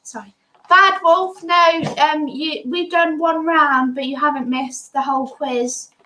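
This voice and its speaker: A chatty woman co-hosts a home quiz stream and reads viewers' scores aloud. Her voice is very high and has a bright, sharp edge. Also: steady tone, measured pace, slight background noise, low-quality recording. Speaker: quiz co-host. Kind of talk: casual livestream quiz.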